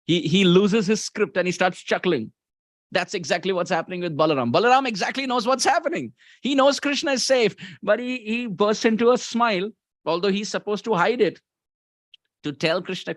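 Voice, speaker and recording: An Indian-accented man preaching a devotional story, animated and often laughing as he talks. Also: high voice, moderate pace, no echo, clean studio sound.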